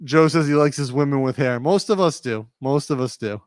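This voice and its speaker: A man's voice: mid-range voice, moderate pace, clear, resonant tone, no room sound. A man with a slight New England accent hosting a livestream from his studio, chatting casually and reading out viewer comments. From Rhode Island, USA. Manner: rambling, laid-back, talks to viewers directly. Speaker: livestream host. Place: home studio.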